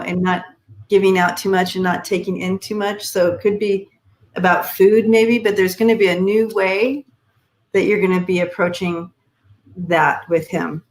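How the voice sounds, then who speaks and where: A woman's voice: mid-range voice, poor audio. A woman co-hosting a live stream, giving loose, hesitant tarot readings with many fillers. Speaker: co-host and tarot card reader.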